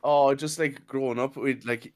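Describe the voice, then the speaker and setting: A man's voice: medium pitch, steady tone, moderate pace. A man in casual podcast chat, rambling through laughing anecdotes. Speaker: podcast co-host.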